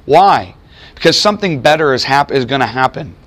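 A man preaching a sermon, teaching a Bible passage with emphatic rhetorical questions and deliberate slowing for emphasis. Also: mid-range voice, lively intonation, a bit bright.

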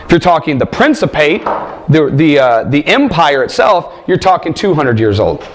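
Guy teaching a bible class, high voice, jumps all over the place, lots of rhetorical questions. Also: normal speed, a little hiss or hum. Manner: animated, rhetorical questions, emphatic. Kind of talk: classroom lecture.

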